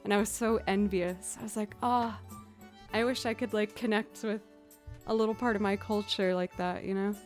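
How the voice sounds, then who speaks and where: A woman's voice: mid-range voice, flat delivery, moderate pace. A young woman from the Boston area with a Boston accent, chatting casually with viewers on her music livestream, full of likes and you-knows. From Boston area, USA.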